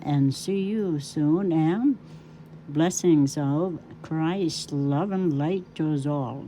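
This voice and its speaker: A woman's voice: sits low, dark tone, slight background noise, rough recording. An older woman with a Filipino accent teaching a language lesson, spelling out words syllable by syllable and repeating each word several times. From Philippines. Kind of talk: slow spoken language lesson.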